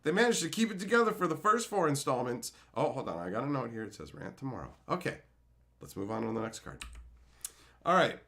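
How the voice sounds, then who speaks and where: A man's voice: medium pitch, fairly bright tone. A man hosting a card spoiler show who rants and swears a lot. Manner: profane, ranting. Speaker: host.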